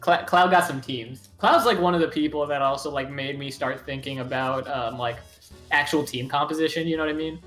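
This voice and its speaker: A man's voice: fairly high pitch, brisk, fairly bright tone, echoey room, soft background music. A man casually commentating a fighting game tournament, rambling with lots of fillers.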